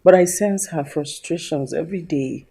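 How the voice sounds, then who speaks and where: A woman's voice: low-pitched, normal speed, dark tone, slightly rough. A deferential queen. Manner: deferential, earnest. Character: middle-aged queen, respectful devoted wife. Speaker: queen and mother. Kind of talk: film acting.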